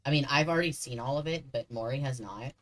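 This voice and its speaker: A man's voice: mid-range voice, quick pace, soft background music, poor audio. A man streaming a horror game, chatting casually and joking with the characters on screen. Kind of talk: casual gameplay commentary.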